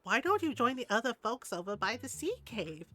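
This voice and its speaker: An older woman reading aloud the lines of a friendly villager who hosts a summer bonfire in a game, in a plain, calm voice. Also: on the high side, normal speed, full character voice.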